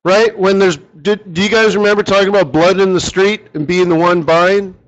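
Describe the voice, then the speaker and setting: A man's voice: sits high, fairly even intonation, moderate pace, dull audio. A man running a live forex strategy session, talking casually and rambling, often asking his audience rhetorical questions.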